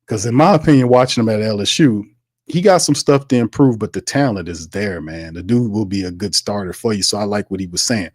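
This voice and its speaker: A man hosting a casual sports talk livestream, animated and slangy, calling his viewers fam and rambling loosely between points. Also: on the low side, fairly quick, no room sound, clean studio sound. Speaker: sports talk show host.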